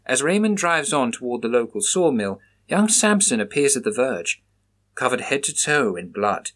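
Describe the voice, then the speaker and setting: A man narrating a story in a steady, dramatic reading. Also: mid-range voice.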